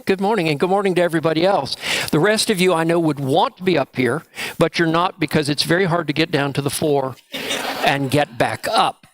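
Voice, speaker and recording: A man's voice: a little high, no echo. A man leading a children's story time in church, asking the children playful questions. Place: church sanctuary.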